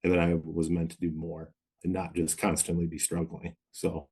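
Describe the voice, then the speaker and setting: A man in his thirties, a podcast guest, telling his story of recovery in a reflective, measured way with many pauses. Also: sits low, monotone, a little mellow, husky. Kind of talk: candid interview storytelling.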